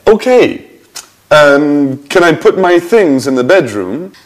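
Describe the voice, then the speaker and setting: A friendly young American flatmate, in a language-course drama. He talks slowly with a lively, rising and falling voice. Each line is enunciated plainly for learners. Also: fairly high pitch. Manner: slow, clearly enunciated lines. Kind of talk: scripted drama dialogue for learners.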